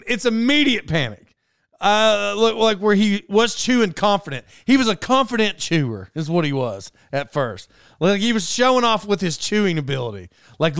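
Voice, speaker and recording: A young man telling a casual story, talking fast and animatedly, cutting himself off and drifting into side notes. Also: high voice, clean tone, dry recording, clean studio sound. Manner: animated, self-interrupting. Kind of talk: casual anecdote monologue.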